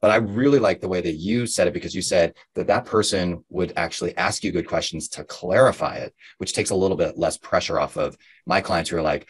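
Brief: low, husky man, casual coach host, rambling and animated. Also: a little fast. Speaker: host, real estate coach. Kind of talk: interview conversation.

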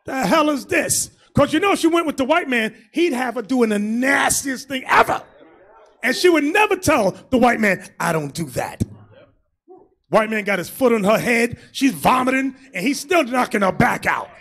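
A man preaching as a bishop in a loose, comic style, animated and often shouting, acting out quotes. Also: very high-pitched, moderate pace.

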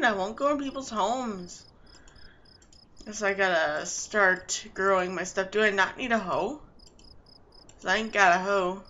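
A woman's voice: mid-range voice, expressive, slow pace, long pauses, bright, forceful tone, lo-fi sound, a little hiss or hum. A young woman chatting casually and gushing over a game as she plays it. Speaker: gaming video host. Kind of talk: casual let's-play commentary.

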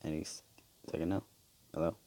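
A man's voice: extremely low pitch, fairly even intonation, fairly quick. A young man casually commenting on his own shooter gameplay, slangy and trash-talking, joking at himself. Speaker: gamer. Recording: noisy game audio behind.

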